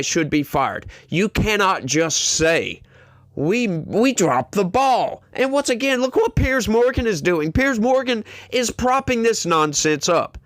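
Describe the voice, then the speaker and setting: A man's voice: high-pitched, fairly bright tone, no echo. Exasperated man ranting, dry sound. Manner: exasperated, emphatic, repeats himself. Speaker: commentary show host. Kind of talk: ranting political commentary.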